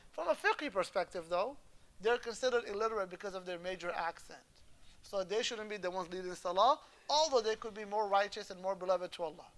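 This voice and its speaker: Bright-voiced male teacher giving a relaxed lecture. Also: high-pitched. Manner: explains patiently, often checks the class understands; moves easily between English and Arabic terms. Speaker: Islamic law teacher. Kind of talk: conversational classroom lecture.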